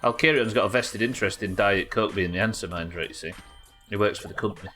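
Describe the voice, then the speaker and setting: A man's voice: fairly low pitch, quick pace, bright, forceful tone, faint music behind. A man streaming a game live, chatting to viewers and thinking aloud as he plays. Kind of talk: live gameplay commentary.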